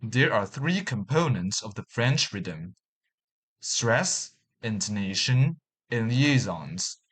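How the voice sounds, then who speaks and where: A man narrating a scripted beginner language lesson, reading out examples slowly and deliberately. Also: on the low side, animated, fairly bright tone, slightly rough. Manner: slow, deliberate, reading out example words and sentences. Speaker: language teacher.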